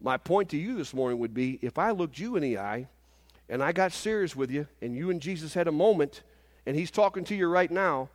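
A man in his fifties preaching a sermon in a church service, animated and often asking the congregation "Amen?". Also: on the high side, fairly quick, big-room sound. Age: 50s.

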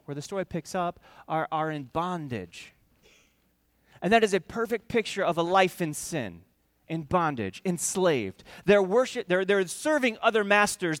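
A man preaching a sermon in an animated, conversational way, with quick asides to the congregation. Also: sits high, dry recording. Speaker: pastor.

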